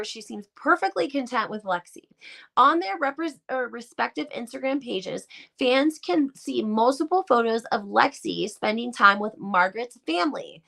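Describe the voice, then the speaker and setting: Gravelly, gossipy woman host. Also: on the high side, bright, forceful tone. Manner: emphatic, gossipy, rhetorical questions. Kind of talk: live-stream commentary.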